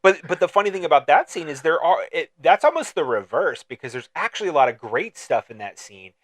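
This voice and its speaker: A man's voice: a little high, expressive, a little fast. A man co-hosting a podcast, chatting casually about a movie in a playful, riffing way with frequent restarts. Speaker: podcast co-host. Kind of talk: casual movie-discussion chat.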